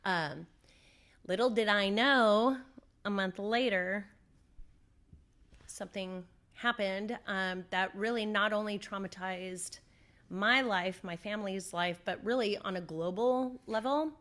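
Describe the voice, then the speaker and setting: Woman, interview guest, personal story, lively delivery, acts out dialogue, mid-range voice. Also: mid-range voice, slow. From Southern California. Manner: animated storyteller, acts out her own quotes.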